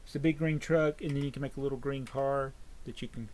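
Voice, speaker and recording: A man's voice: mid-range voice, steady tone, fast, darkish tone, slight background noise. A man in his thirties, hosting a casual chat and rambling through a list, often correcting himself. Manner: rambling, self-correcting, chatty collector. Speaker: host.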